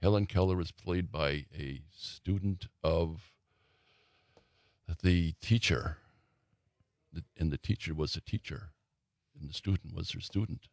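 An older man, a longtime theater critic, reminiscing slowly and haltingly in a casual talk-show chat. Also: low-pitched, vocal fry, dry recording, clean studio sound.

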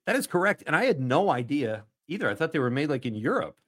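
An upbeat man hosts a casual radio quiz. He reads questions out loud and keeps breaking in with quick, laughing asides. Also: a little high, big pitch swings. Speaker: radio host running a quiz.

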